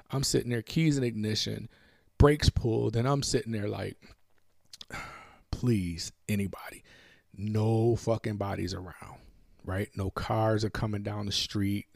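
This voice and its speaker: A man's voice: on the low side, creaky, darkish tone, dry recording, clean studio sound. A young man telling a personal story in a profane, emphatic, emotionally raw way, full of street slang. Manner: emotionally raw, reliving tense moments.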